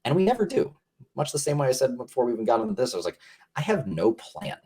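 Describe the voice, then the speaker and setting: A man's voice: medium pitch, big pitch swings, very fast, warm tone, slightly rough. A man talking earnestly as a podcast guest, casual and rambling, with many fillers and restarts.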